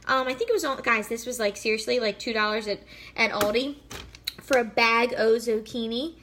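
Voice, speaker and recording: Bubbly, bright-voiced chatty woman. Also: fairly high pitch, moderate pace, a little hiss or hum. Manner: bubbly, chatty, many fillers. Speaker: fitness vlogger. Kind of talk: casual live cooking chat. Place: home kitchen.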